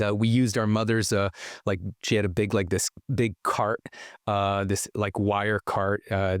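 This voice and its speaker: A man from Israel telling a childhood story as a podcast guest, animated and acting out the voices of the people in it. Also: fairly low pitch, no echo, studio quality. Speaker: guest entrepreneur. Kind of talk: casual storytelling interview.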